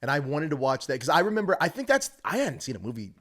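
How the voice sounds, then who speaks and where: A man in his thirties hosting a podcast, chatting casually and joking around. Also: fairly high pitch. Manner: animated, jokey, quick to put on silly voices. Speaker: podcast host. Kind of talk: casual chat.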